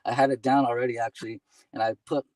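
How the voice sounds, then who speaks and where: A man of middle pitch talking as a guest, spinning casual stories with easy laughs and lots of "you know" and "man". He sounds a little far from the mic in a dry room. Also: little pitch movement, fast, a little mellow, dry recording. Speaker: guest, delivery driver. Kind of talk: casual storytelling.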